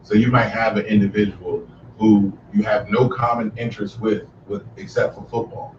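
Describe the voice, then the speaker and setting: A man co-hosting a podcast, speaking earnestly and thoughtfully, building his point slowly. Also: on the low side, steady tone, noisy background. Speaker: podcast co-host. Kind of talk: casual podcast conversation. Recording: echoey room, distant mic, dull sound.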